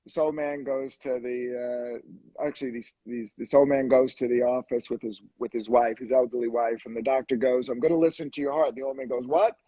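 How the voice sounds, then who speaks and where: Husky-voiced man in casual chat. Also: mid-range voice, little pitch movement, dark tone, no echo, poor audio. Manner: chatty, halting restarts, laughs at own jokes. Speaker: hair restoration surgeon, co-host. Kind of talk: casual live-stream chat, telling jokes. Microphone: video call.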